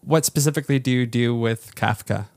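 A man hosting a podcast, chatting casually with a guest, restarting his sentences and laughing. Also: medium pitch. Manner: halting, restarts and laughs, playful. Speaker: podcast host. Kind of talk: casual interview chat.

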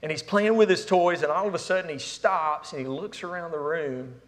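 A man's voice: a little high, fairly quick. A middle-aged man preaching a sermon, telling funny family stories. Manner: storytelling with humor, Southern "y'all". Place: church sanctuary. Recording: echoey hall.

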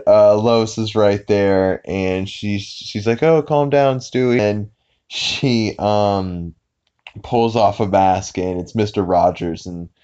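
A man with a lowish voice talks through a cartoon episode in a loose, rambling way, full of "uh" and "um" and quick restarts. He slips into brief silly voices when quoting characters. The audio sounds dull and lo-fi. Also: mellow. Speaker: podcast host. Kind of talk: casual episode recap.

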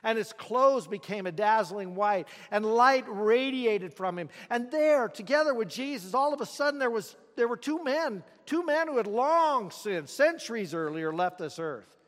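A man's voice: extremely high pitch, animated, moderate pace, hardly any pauses, a bit bright, long reverb tail. A man preaching a sermon, telling the story dramatically and asking the listeners rhetorical questions.

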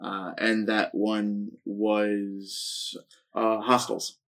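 A man co-hosting a casual film podcast, summarizing a movie plot in a dry, measured way. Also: lowish voice, flat delivery, a bit bright. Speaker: podcast co-host. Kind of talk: casual film review chat.

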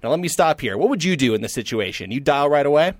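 A man co-hosting a casual podcast chat, telling a story in an animated, self-deprecating way. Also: fairly high pitch, fast talker, dry recording. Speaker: podcast co-host.

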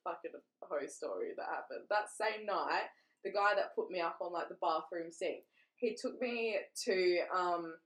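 A woman's voice: lowish voice, unhurried. A young woman, telling a crude, rambling story in casual chat, full of fillers. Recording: roomy echo.

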